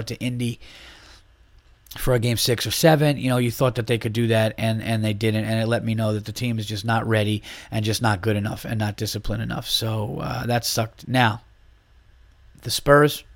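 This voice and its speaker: A podcast host with a lowish voice rants about basketball in a flat delivery at a moderate pace, the recording dry. He's blunt and opinionated, swearing heavily and often starting over.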